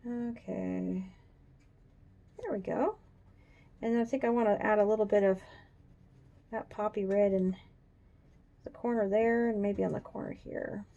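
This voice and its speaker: A woman hosting a coloring tutorial, chatting casually and thinking aloud as she works, even talking to her drawing. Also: medium pitch, gravelly, slight background noise. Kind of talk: casual demonstration while drawing. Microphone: camera on a tripod.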